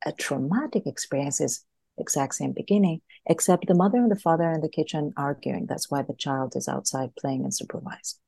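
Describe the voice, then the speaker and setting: A woman's voice: deep voice, fairly quick, creaky, mellow, dry recording. A woman, a guest in a podcast interview, earnestly explaining an idea through a story and often repeating words as she thinks. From Greece.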